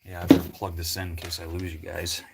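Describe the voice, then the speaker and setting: A man's voice: deep voice, completely flat delivery, quick pace, creaky, heavy background noise. Rambling, chatty livestreaming man. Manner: rambling, filler-heavy, chatty with viewers. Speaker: livestream host working on a truck. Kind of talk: casual live-stream chat.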